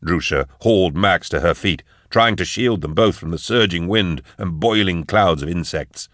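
A man giving steady, measured scripted narration of an audiobook. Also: sits low, no room sound, clean studio sound.

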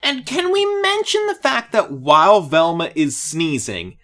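Low voiced woman podcast cohost, goofy, laughs a lot, pitch jumps all over. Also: huge pitch swings, unhurried, a bit bright. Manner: playful, laughs often. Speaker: podcast co-host. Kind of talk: casual chat reviewing a cartoon episode.

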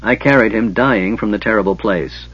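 A big, loyal warrior speaks in a husky voice, as a male narrator puts him on. His tone sits low. The recording sounds dull and lo-fi. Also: normal speed. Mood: earnest.

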